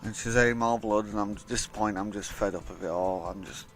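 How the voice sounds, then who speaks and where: A man's voice: sits low, steady tone, fairly quick, soft background music. A young man telling a rambling, blunt, sweary story in a casual vlog. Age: young adult. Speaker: vlogger.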